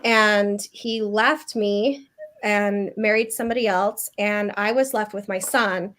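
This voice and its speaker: A woman's voice: mid-range voice, fairly even intonation, slow pace, fairly bright tone. A woman in her thirties, a guest on a video call, telling a personal story in a chatty, loose way with many fillers and restarts.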